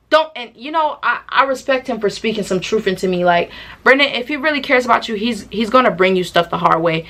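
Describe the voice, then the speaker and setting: A young woman vlogger, telling a storytime tale in a casual, animated, slangy way with laughing asides. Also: medium pitch, fairly quick.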